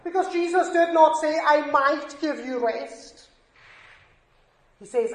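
Man preaching, high voice, slow delivery, earnest, emphatic, roomy echo. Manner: earnest, emphatic, rising on scripture quotes. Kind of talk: sermon. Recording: echoey room.

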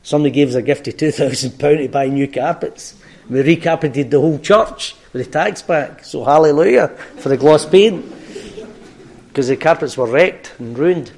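Older glasgow preacher guy, fairly high voice, earnest homey sermon telling a story. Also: moderate pace, darkish tone. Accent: Glaswegian Scottish. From Scotland. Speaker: pastor.

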